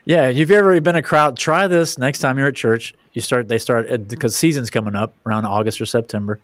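A man's voice: mid-range voice, brisk, dry recording. Laughing, rambling man on a dry video call. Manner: rambling, laughing, jokey storytelling. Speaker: guest. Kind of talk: casual chat.

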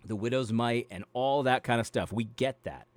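A man's voice: medium pitch, normal speed, no echo. Rambling man with a dry, close sound. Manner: rambling, repeats words, frequent fillers. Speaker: Christian video commentator. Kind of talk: Bible reading then casual commentary.

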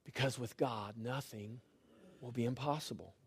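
A middle-aged male pastor preaching a sermon, swinging between loud rising lines and quiet, hushed refrains. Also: mid-range voice, moderate pace, breathy edge, dry recording.

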